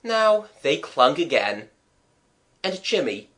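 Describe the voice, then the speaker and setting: An unhurried storyteller reads a children's audiobook aloud. The delivery is slow and very expressive, with a lively, rising and falling voice that carries the tale. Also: medium pitch. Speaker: audiobook narrator.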